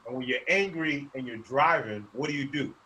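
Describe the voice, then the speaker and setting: A man in his twenties doing animated stand-up storytelling for a virtual event, laughing between lines and acting out the people in his story. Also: medium pitch, normal speed, slight background noise. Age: 20s. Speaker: stand-up comedian. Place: a room, performing for a virtual event. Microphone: video call microphone.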